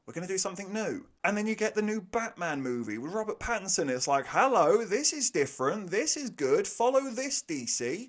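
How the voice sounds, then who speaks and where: A man's voice: high-pitched, big pitch swings, fairly quick, hardly any pauses. A young man giving a sarcastic, exasperated film review rant, swearing freely. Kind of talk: ranting movie review.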